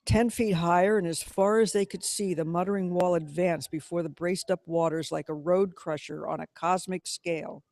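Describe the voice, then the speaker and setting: A man giving a measured, dramatic reading of a novel. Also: high voice, steady tone, a little mellow, no echo. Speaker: reader.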